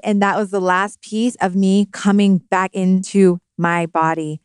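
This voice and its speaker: A woman's voice: lowish voice, level tone, a little fast, hardly any pauses, darkish tone, smooth, no echo. A woman in her thirties, a podcast guest, telling a heartfelt personal story in an earnest, spiritual way, recorded in a studio. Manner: earnest, spiritual, emotional at times.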